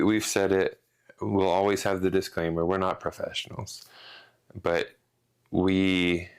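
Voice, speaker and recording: Low gravelly man ranting on a podcast. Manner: rambling, restarts, mild swearing rants. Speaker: podcast co-host. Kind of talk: casual podcast chat.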